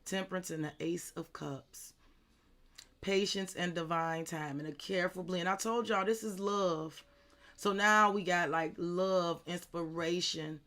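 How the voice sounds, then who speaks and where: A woman's voice: lowish voice, steady tone, a little slow, a bit bright. A woman doing a live tarot reading, speaking emphatically and repetitively straight to her viewers, with frequent swearing, and greeting chat viewers by name. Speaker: tarot reader.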